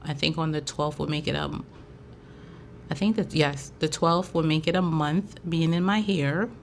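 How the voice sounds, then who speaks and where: A woman from Haiti, a braider who hosts a podcast, speaks in a deep, steady voice at a moderate pace. Her talk on the casual show is chatty and loose, with plenty of fillers. A little hiss or hum sits under the audio.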